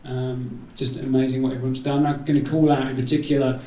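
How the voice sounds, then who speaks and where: A brisk, dark-toned man with a mid-range voice and flat delivery thanks everyone gathered, speaking as the event organiser. The talk is casual and slightly meandering, full of jokey asides. It's picked up from far away in a spacious indoor community hall.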